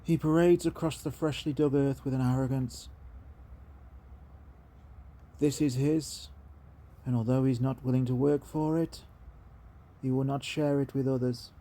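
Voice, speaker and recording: A man putting on the voice of a wildlife documentary narrator, speaking softly, slowly and with mock grandeur over garden footage. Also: medium pitch, steady tone, lightly acted. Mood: hushed, awed. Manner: soft, slow, reverent, mock-grand. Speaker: gardening video creator.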